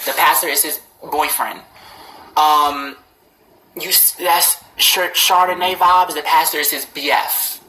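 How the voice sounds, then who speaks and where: A man's voice: on the high side, fairly even intonation, measured pace, bright, forceful tone. A man talking casually to live-stream viewers, blunt and profane, his voice jumping up when he gets indignant. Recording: roomy echo.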